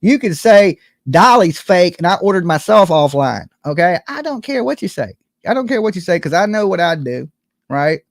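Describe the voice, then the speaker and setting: A man's voice: high-pitched, very animated, moderate pace, vocal fry, no echo, clean studio sound. A man hosting a late-night livestream, ranting to his viewers in a heated, profane and emphatic way. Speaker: YouTube livestream host.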